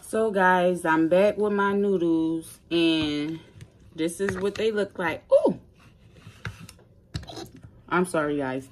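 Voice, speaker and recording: A woman hosting a casual mukbang food challenge vlog, a little hoarse from a cold, chatting straight to her viewers. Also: lowish voice, a little hiss or hum. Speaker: mukbang vlogger.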